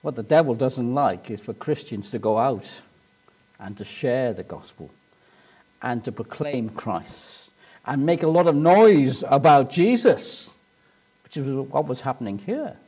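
A man preaching a sermon, retelling a story in an animated way and rising to emphatic points. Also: medium pitch, a little slow, husky.

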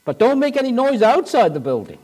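A man's voice: extremely high pitch, wildly swooping pitch, a little fast, a little mellow, slightly rough, voice pushed up, exaggerated voice. A man voicing a sly male devil who coaxes in a persuasive, wheedling tone. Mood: coaxing.

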